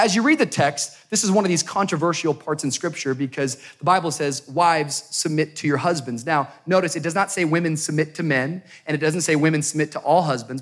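A male pastor giving a sermon to a congregation in church, mixing jokey storytelling with loud, rising preaching. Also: fairly high pitch. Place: church sanctuary before a congregation.

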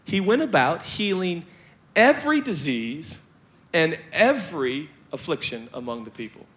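A young adult man preaching a sermon as pastor, joking and animated, with playful asides to the congregation. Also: fairly high pitch, a little slow.

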